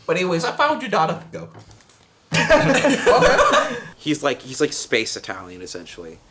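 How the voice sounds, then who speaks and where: A player narrating an improvised tabletop story in an animated, laughing way. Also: mid-range voice, moderate pace, pauses often, a crowd in the background.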